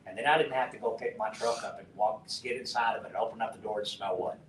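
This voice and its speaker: A middle-aged man from West Texas, telling a profane, animated story to a conference audience and acting out the dialogue. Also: quick pace. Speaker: conference speaker. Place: conference hall. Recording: roomy, distant mic with faint rumble.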